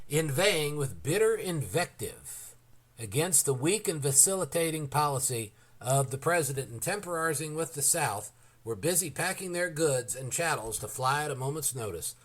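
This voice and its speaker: A man reading a historical novel aloud as an audiobook narrator, in a measured, deliberate way. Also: fairly high pitch, expressive, rough recording.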